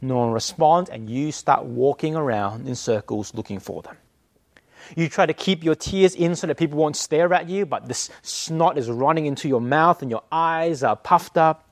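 A man preaching a sermon, telling a story and moving from hushed to emphatic. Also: fairly high pitch, normal speed, dry recording. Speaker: pastor.

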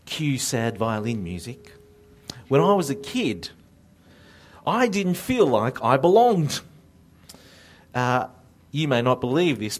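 A man from Australia, preaching a sermon in a conversational, self-deprecating way. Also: medium pitch. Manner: conversational, self-deprecating humor, slow deliberate delivery.

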